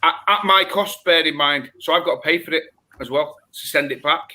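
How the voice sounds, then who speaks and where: Bright, rambling man. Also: a little high, brisk. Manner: rambling, repeats himself, says mate often. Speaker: regular on a reef-keeping livestream. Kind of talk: casual banter.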